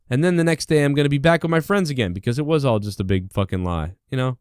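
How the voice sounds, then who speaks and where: A male show host rambles through a profane comic rant. His voice is smooth and resonant, and it is recorded close and dry with no room sound. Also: medium pitch, quick pace, few pauses, no room sound. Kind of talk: profane comedic monologue.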